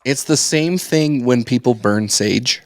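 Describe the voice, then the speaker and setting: A man's voice: medium pitch, a little slow, no echo, clean studio sound. A man co-hosting a podcast in casual banter, blunt and teasing, laughing easily. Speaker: podcast co-host.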